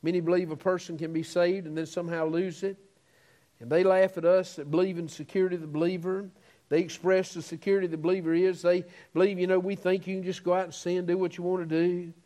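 A man preaching a sermon, swelling into emphatic peaks, stretching out key words and dropping to quiet, low phrases. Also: little pitch movement, quick pace.

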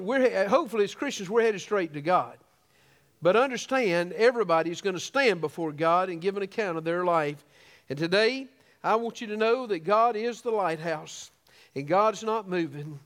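A man's voice: high-pitched, animated, normal speed, fairly bright tone, long reverb tail. A man preaching a sermon as pastor of a small church, earnest, with frequent restarts.

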